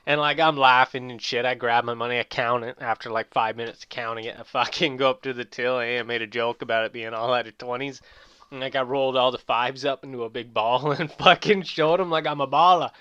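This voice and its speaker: A young man chatting casually, telling rambling, profane stories and getting loud when amused. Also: medium pitch, steady tone, fairly quick, smooth, no echo, lo-fi sound. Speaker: podcast host. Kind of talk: casual chat.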